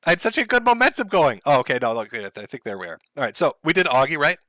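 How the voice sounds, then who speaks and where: Bright sarcastic guy streaming from home, laughs a lot, swears, voice swings up and down, dry close mic. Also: a little high, wildly swooping pitch, racing, dry recording. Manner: sarcastic, laughing, swearing, mock-tragic asides. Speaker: livestream host. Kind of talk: casual livestream rant. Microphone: headphones and desk mic.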